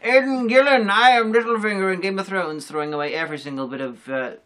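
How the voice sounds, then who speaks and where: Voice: mid-range voice, fast, fairly bright tone. A co-host joining a casual film review, blunt and scornful, swearing freely.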